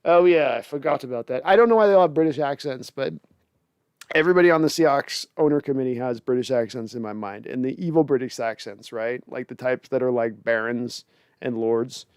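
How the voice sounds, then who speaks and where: A man's voice: mid-range voice, a little fast, clear, resonant tone, no room sound, clean studio sound. A man hosting a casual post-game reaction livestream, rambling and sardonic as he vents and thanks donors. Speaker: podcast host.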